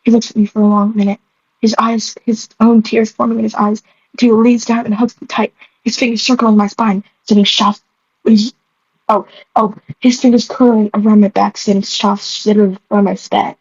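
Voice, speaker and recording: A woman's voice: mid-range voice, level tone, normal speed, a little mellow, breathy edge, dry recording. A young woman reading her old stories aloud and reacting, giggling at herself and stumbling over words. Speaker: vlogger. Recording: dull lo-fi mic.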